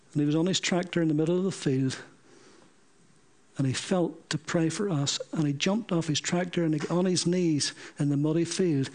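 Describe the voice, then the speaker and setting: A middle-aged man, preaching a sermon through stories and acting out the dialogue he quotes. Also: a little high. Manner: animated, acts out quoted dialogue. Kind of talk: sermon storytelling.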